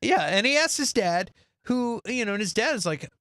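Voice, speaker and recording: Man, high voice, lively, casual podcast chat, dry sound. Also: normal speed, no echo. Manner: animated, acts out the characters' lines in different voices. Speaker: podcast co-host. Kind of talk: casual chat recapping a movie.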